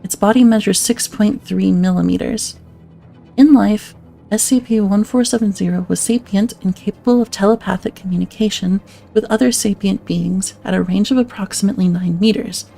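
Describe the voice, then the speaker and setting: Woman streamer reading stuff out loud, mellow gravelly voice, tosses in swearing side comments, soft music behind. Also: medium pitch, normal speed. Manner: reads documents, then breaks off for laughing, swearing asides. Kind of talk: casual reading aloud with asides.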